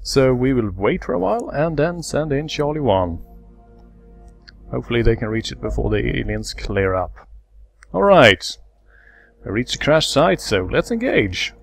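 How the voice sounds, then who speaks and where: A man of ordinary pitch hosts a let's play of a strategy game. He talks through each move and explains the mechanics step by step in a casual commentary tone. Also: sing-song, moderate pace, vocal fry, soft background music.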